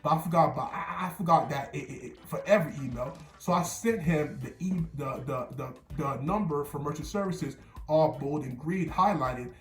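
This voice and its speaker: A man's voice: a little high, moderate pace, few pauses, echoey room, faint music behind. A young man from New Jersey telling a casual story to his viewers, rambling and slangy, often restarting and repeating words.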